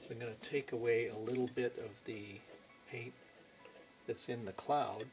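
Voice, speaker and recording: A man giving an unhurried painting lesson, thinking aloud as he works, with pauses. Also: mid-range voice, fairly even intonation. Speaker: painting instructor. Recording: music playing behind.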